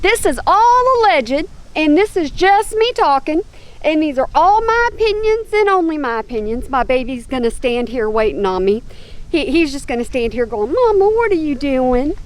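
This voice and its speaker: A woman's voice: sits high, expressive. A woman hosting a casual commentary channel, chatting to camera outdoors and drifting off to talk to her animals. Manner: chatty, drawn-out, talks to her animals between points. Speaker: YouTube commentary host.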